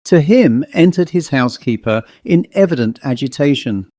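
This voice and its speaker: A man reading a classic ghost story aloud in a measured, even narration. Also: on the high side, dry recording. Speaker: audiobook narrator.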